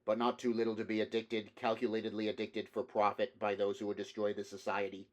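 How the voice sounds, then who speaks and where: A man voicing an undercover male officer who delivers a rote speech with measured pauses. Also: lowish voice, completely flat delivery, close to an everyday voice. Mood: oratorical.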